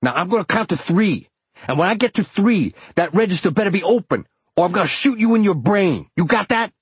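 A menacing robber leader, put on by a male narrator, barks threats in a strained, high, husky voice. His orders come loud and urgent. The reading is close and dry, with no room sound. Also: animated, brisk, no echo, heavily acted. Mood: threatening.

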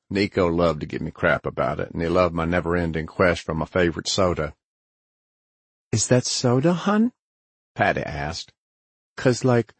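A man reads a first-person audiobook in a very low, husky voice. His delivery is measured and dry, and the recording is close, with no room sound. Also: no room sound. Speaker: narrator.

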